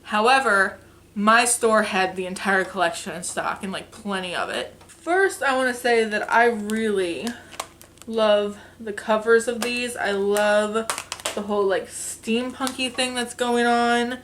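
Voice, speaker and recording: A woman's voice: mid-range voice, unhurried, fairly bright tone, a little hiss or hum. A young woman vlogger chatting casually and enthusiastically about makeup she bought, with lots of fillers. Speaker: beauty vlogger. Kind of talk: casual makeup haul chat.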